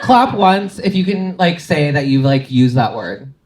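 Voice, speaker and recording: A man's voice: on the high side, lively intonation, a little slow, heavy background noise. A young man, a comedian contestant, trading brash, swearing banter and laughing through his lines on a live comedy game show. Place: live comedy club stage. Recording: echoey club with loud crowd.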